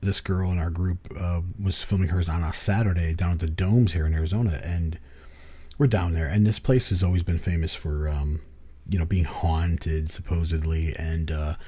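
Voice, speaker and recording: Deep husky-voiced rambling man. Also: steady tone, moderate pace, warm tone. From US East Coast. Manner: rambling storyteller, swears, laughs often. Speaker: podcast host. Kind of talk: casual chat.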